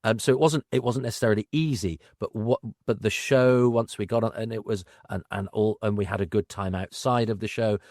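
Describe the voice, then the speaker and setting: A man's voice: fairly low pitch, steady tone, a little fast, few pauses, a little mellow, no echo, studio quality. A middle-aged man, an actor and podcast guest, telling anecdotes in a wry, self-deprecating way.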